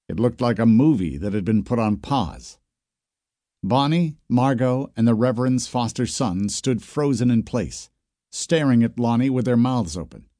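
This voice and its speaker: A man reading a first-person mystery story, with dry narration and lively character voices. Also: mid-range voice, no echo. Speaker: audiobook narrator. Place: studio booth.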